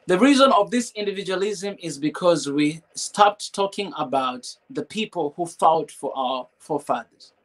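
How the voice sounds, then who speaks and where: A man with a fairly high voice hosts a live stream. He talks emotionally and preaches at times, repeats phrases and keeps asking his viewers rhetorical questions. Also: animated, normal speed, hardly any pauses, a bit bright, low-quality recording.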